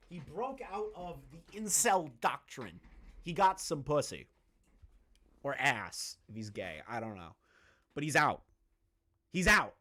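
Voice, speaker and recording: A male streamer talks to his chat in a crude, mocking, excitable way. His pitch swings widely from low mutters to high bursts, and he swears freely. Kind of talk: live-stream commentary.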